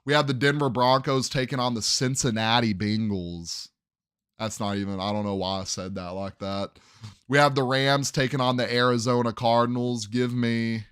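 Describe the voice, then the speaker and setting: A young man hosts a sports podcast, casually working through his game predictions and second-guessing his picks out loud. His voice is medium-pitched, slightly bright, clear and resonant, captured in a dry, clean studio recording.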